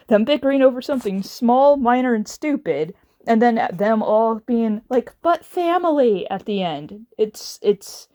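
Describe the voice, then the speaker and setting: A woman's voice: mid-range voice, darkish tone, no room sound, studio quality. A woman delivering a casual, exasperated rant as a video reviewer, sarcastic and swearing now and then. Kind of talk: casual ranting commentary.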